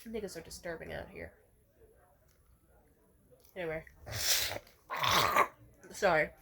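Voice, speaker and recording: Blunt ranting woman, low voice. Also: takes it slowly, gravelly, slight background noise. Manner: blunt, profane, heated; repeats herself to restate points. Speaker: vlogger. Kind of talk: casual rant to camera.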